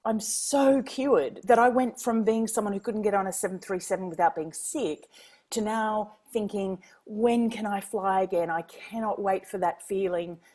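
An Australian woman from Queensland, a guest author telling lively stories, laughing often and acting out quoted dialogue. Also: mid-range voice, moderate pace. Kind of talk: casual storytelling.

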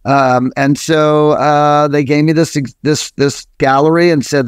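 A man's voice: fairly high pitch, level tone, measured pace, few pauses, clear, resonant tone, no room sound. A man in his sixties from New Jersey, a guest on a podcast telling long, rambling stories full of fillers and restarts, with the odd swear word. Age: 60s. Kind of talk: casual interview storytelling.

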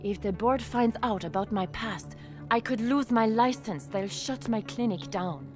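A woman's voice: fairly high pitch, unhurried, faint music behind, lightly acted. An actress playing a woman doctor who runs a clinic, anxious and earnest, with an accent. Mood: worried. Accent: foreign-sounding accent. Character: woman doctor running a clinic, worried and blackmailed.

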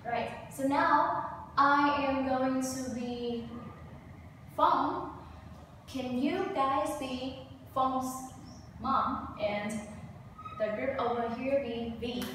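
A woman English teacher, drilling a class in slow, clear repeat-after-me prompts. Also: high voice, fairly even intonation, a bit bright. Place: school classroom. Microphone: far camera. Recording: echoey, distant, noisy classroom. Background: students and classroom noise.

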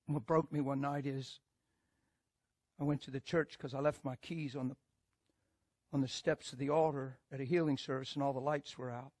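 A male preacher telling a story in a sermon, animated and emphatic, moving between loud bursts and hushed asides. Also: medium pitch, normal speed, long pauses, dry recording.

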